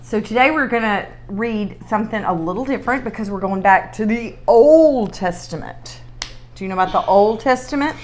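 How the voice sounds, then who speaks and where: A woman leading a children's sermon, telling a story in a playful, animated way. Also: medium pitch, moderate pace.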